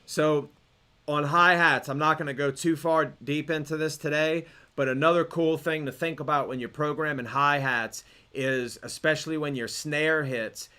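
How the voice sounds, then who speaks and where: A young man explaining beat programming in a relaxed tutorial, with fillers and restarts. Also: on the high side, clear, resonant tone. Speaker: music production instructor. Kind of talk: screen-recorded tutorial.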